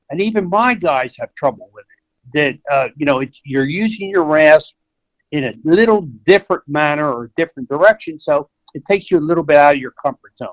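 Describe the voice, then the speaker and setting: Older American man, vet guest on a talk show. Folksy, chatty storyteller who acts out his quotes, slightly high voice, dry close mic. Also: no room sound, poor audio. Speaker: veterinarian guest. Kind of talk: conversational interview.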